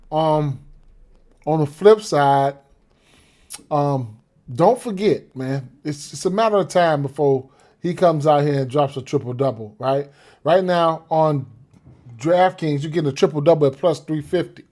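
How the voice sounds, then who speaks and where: A man's voice: on the high side, measured pace, a little mellow. A man talking through sports bets casually, rambling with repeated fillers and frequent "right?" check-ins. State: has the hiccups. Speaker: sports betting podcaster. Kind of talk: casual betting analysis talk.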